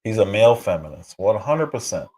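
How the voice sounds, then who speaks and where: A man's voice: fairly low pitch, sing-song, a little fast, darkish tone. A middle-aged man reacting to a clip on a livestream, sarcastic and indignant, with mocking asides. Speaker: livestream commentator. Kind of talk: reaction commentary.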